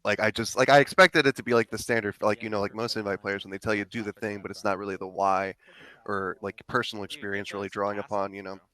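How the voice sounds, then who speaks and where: A lowish, bright-toned man chatting casually on a livestream as he reviews a match he played. He tells stories with energy and gets loud when quoting his own calls. His speech is loose and full of fillers. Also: steady tone, fast. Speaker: competitive player co-hosting a match review stream. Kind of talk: casual chat.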